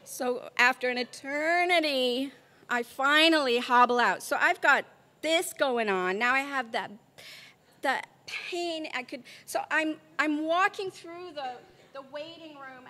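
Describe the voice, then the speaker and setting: A woman in middle age tells a comic story to a live crowd with a bright, slightly high voice. She acts out each person she quotes and keeps the tale moving with lively, animated delivery. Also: unhurried.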